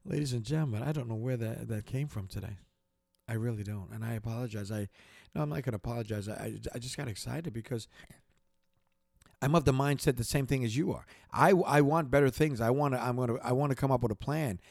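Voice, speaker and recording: A man's voice: medium pitch, quick pace, creaky, dry recording, studio quality. A man hosting a podcast, giving a passionate motivational talk that repeats itself, builds in intensity and keeps circling back. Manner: passionate, repetitive, gets worked up then apologizes. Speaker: podcast host.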